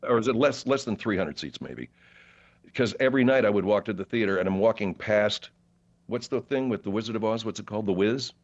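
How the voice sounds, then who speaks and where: Rambling low-voiced man telling theater stories. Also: brisk, highs cut off. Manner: rambling, animated anecdotes with many fillers and restarts. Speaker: podcast guest, actor. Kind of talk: casual interview storytelling.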